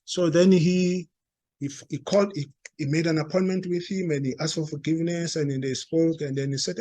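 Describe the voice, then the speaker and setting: A man with a South African accent telling a story to a live audience, halting and restarting, and acting out the quoted dialogue. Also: a little high, fairly even intonation, mellow, no echo. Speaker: speaker at a talk. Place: meeting room.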